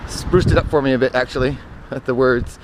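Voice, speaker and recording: A man's voice: mid-range voice, fairly even intonation, brisk. A man telling personal stories in a casual, meandering monologue, often correcting himself and drifting into asides. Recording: outdoor traffic noise.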